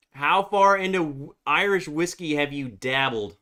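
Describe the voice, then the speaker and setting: Male streamer, unhurried rambling casual delivery, slightly higher voice. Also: sharp tone. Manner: rambling, filler-heavy, baby talk to his dog. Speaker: whiskey live streamer. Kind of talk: casual live stream chat.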